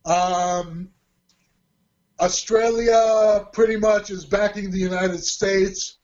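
A man's voice: high-pitched, takes it slowly. A man casually telling a long personal story, acting out the quoted dialogue as he goes. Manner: animated, acts out quoted dialogue. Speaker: guest telling a life story. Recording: dull lo-fi audio.

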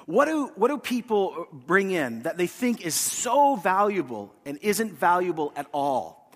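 Storytelling pastor in a reverberant hall. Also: male voice, sits high, very animated, unhurried. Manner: storytelling, acts out quoted voices. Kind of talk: sermon. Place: church.

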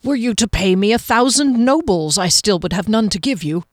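A woman's voice: mid-range voice, sing-song, moderate pace, no echo, studio quality, lightly acted. A woman voicing a nervous, scrawny little male herbalist who stammers and stays stiffly polite.

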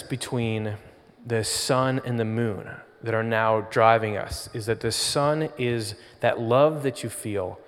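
A man giving an informal sermon, talking in a conversational, pausing storytelling way, with long hall reverb. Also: medium pitch. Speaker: spiritual speaker.

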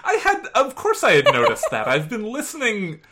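A woman's voice: medium pitch, wildly swooping pitch, moderate pace, fairly bright tone. A woman hosting a podcast, chatting casually with a guest, laughing often and restarting her sentences. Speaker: podcast host. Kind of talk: casual podcast chat and outro.

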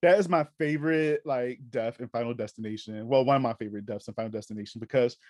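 A young man co-hosting a casual horror movie chat, gushing excitedly and swearing casually. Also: medium pitch, fast talker, no room sound, clean studio sound. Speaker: podcast co-host.

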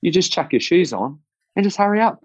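Man doing a blunt older New mentor in his sixties, higher voice, commanding, dry dull recording. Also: expressive, no room sound. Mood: brisk urging. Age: 60s. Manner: brisk, commanding, no-nonsense. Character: blunt, pushy older male cyclist mentor.

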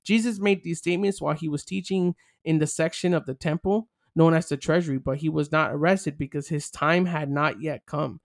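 Animated speaker preaching with slang. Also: mid-range voice, fairly quick, few pauses, no echo, clean studio sound. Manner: animated, slangy, reads Bible passages aloud then riffs on them. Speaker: podcast host teaching on scripture. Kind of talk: informal devotional teaching.

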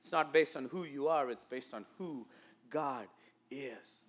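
Preaching to a congregation, an Indian-accented male pastor alternates soft asides with forceful, loud proclamations. His voice is mid-range and his pace measured.

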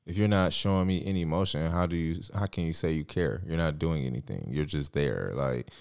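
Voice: a bass voice, a little fast, creaky, darkish tone, smooth. A podcast co-host in their thirties, chatting casually and often chiming in to agree. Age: 30s. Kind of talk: casual chat.

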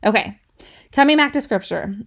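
A woman's voice: on the high side, expressive, moderate pace, creaky. Chatty woman podcast host teaching. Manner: chatty, asks listeners "right?", laughs between points. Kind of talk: casual devotional teaching.

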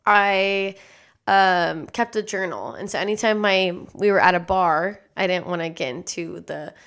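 A young woman co-hosting a podcast, calmly sharing how she keeps a journal on trips, in casual chat. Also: medium pitch, smooth. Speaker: podcast co-host.

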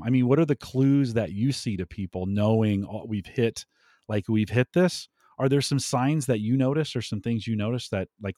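A man talking as a podcast guest in an animated way, laughing often and pushing up his voice for emphasis. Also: mid-range voice, no room sound, studio quality. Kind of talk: conversational interview.

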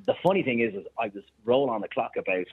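Irish man, husky voice, rapid storytelling, tinny phone line. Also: mid-range voice. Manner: animated anecdotes, quick bursts of laughter. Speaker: TV chef and restaurateur, guest.

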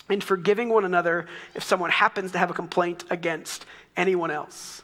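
A pastor with a Texan accent preaching a sermon in a conversational, storytelling way, with light asides. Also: male voice, high voice, steady tone, a little fast, sharp tone, in a large hall.

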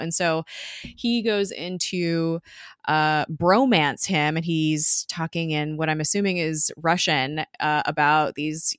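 Low-voiced woman recapping casually. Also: a little slow, a bit bright, clear, resonant tone, no echo, studio quality. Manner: chatty, laughs often, recounts scenes with quoted voices. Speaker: podcast co-host.

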